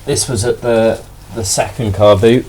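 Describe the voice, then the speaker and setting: A man casually chatting through a haul of toy finds in a relaxed, rambling way. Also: lowish voice, measured pace, a little hiss or hum. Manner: relaxed, rambling, self-deprecating. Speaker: toy collector vlogger. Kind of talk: casual haul video chat.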